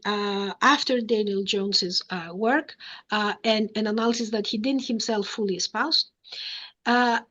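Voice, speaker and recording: A woman giving an academic lecture, explaining step by step, often pausing on "uh" and checking with "okay?". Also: fairly high pitch, a bit bright, dull audio.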